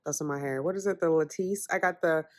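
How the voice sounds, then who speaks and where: A woman's voice: low voice, fast. A young adult woman vlogging in a casual, chatty way about her day. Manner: chatty, animated storytelling. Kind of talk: casual vlog chat.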